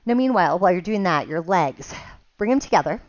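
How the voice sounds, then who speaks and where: A woman leads a home Pilates class, calling out moves and counts in a lowish voice. She sounds a little short of breath and now and then laughs at herself. The sound is dull and dry. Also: expressive, quick pace, no echo. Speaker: Pilates instructor. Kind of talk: guided workout instruction.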